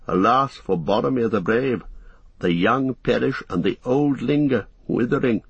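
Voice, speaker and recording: A man's voice: mid-range voice, measured pace, creaky, breathy edge, dry recording, lo-fi sound, exaggerated voice. A man reading an audiobook voices an aged, weary king who laments and then rallies his riders with ringing commands. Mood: mournful.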